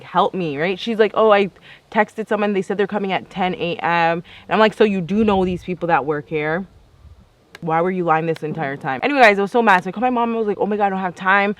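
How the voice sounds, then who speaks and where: Fast-talking young woman vlogger. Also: on the low side. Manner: chatty, exasperated, acts out both sides of conversations. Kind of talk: casual storytime vlog.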